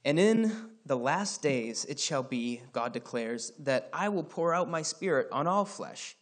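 A man's voice: fairly high pitch, lively intonation, a little slow. A man from Scotland giving a casual Bible teaching, talking conversationally and reading scripture passages aloud.

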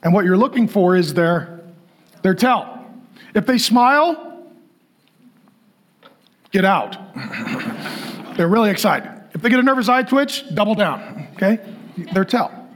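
Animated husky-voiced male preacher. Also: sits high, slow pace, pauses often. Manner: animated, acts out quoted voices. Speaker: pastor. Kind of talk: sermon with storytelling.

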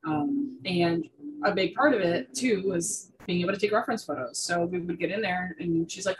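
A woman's voice: lowish voice, normal speed, slight background noise, poor audio. Young woman gushing about reptiles. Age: young adult. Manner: chatty, full of fillers and restarts. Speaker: guest artist. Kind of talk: casual interview chat.

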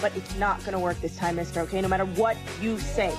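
A woman's voice: mid-range voice, fairly even intonation, fast talker, music in the background, close to an everyday voice. An actress playing a jittery teenage girl who keeps refusing in rattled, repeated bursts. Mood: flustered.

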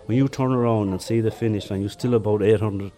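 A man's voice: on the low side, steady tone, fast, dark tone. Older Limerick man spinning yarns. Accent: Limerick Irish. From Ireland. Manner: chatty anecdotes with chuckles. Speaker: interviewee, former marathon runner. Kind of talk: relaxed storytelling.

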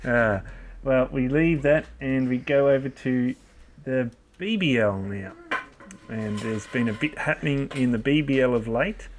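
Aussie podcast host, dry anecdotal delivery, noisy recording. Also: male voice, medium pitch, measured pace. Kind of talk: casual storytelling chat.

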